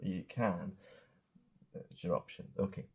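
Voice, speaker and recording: A man teaching English grammar in a casual, chatty way, drawing out example words slowly and dropping joking asides, beside a small whiteboard indoors. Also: low-pitched, creaky, breathy edge. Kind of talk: casual grammar lesson to camera.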